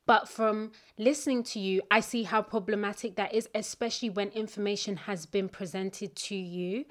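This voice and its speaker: A woman's voice: medium pitch, fairly even intonation, normal speed, fairly bright tone. Woman asking thoughtful questions. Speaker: interviewer. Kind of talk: casual interview.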